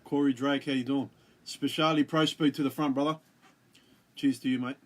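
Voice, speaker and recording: A man's voice: mid-range voice, fairly even intonation, normal speed, background noise. A man hosting a casual livestream, greeting viewers by name and joking around. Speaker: livestream host.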